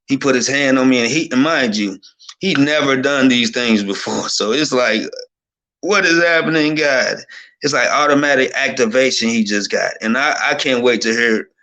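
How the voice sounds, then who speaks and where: A man sharing an emotional personal testimony, excited and rambling, often repeating himself. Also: mid-range voice.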